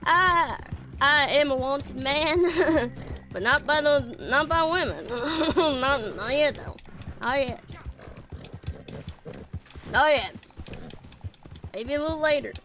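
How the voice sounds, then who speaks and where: A woman's voice: high voice, slow, long pauses, pushed and bright, faint music behind, heavily acted. A woman streaming a game in character as a bashful male cowboy outlaw, stammering and rambling with frequent laughs.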